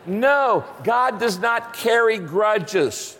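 A pastor preaching a sermon, animated and acting out little voices in his stories. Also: sits high, very slow. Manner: animated, acts out voices in anecdotes. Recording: long reverb of a large hall.

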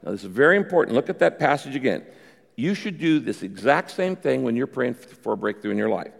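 A pastor delivering a sermon, preaching emphatically with sudden rises in pitch and loudness. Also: male voice, very animated, quick pace, gravelly. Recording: long reverb of a large hall.

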